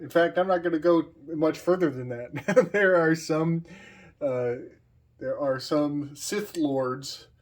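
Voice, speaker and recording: Male video host, unhurried delivery, hesitant and rambling, lots of fillers. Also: medium pitch, a little mellow. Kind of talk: casual speculative monologue.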